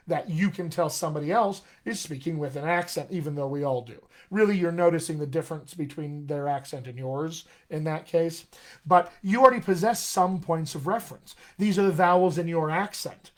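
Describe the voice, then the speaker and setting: Guy coaching accents on a live stream, keeps asking "all right?", a bit high-pitched, laptop mic at home. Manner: explains slowly, checks in with "all right?". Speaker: dialect coach.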